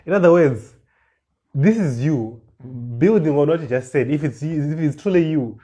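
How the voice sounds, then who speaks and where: Mellow-voiced man preaching a sermon. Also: a little high, animated. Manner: reads verses slowly, then explains with rising emphasis and repeated words. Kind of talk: sermon, reading and explaining scripture.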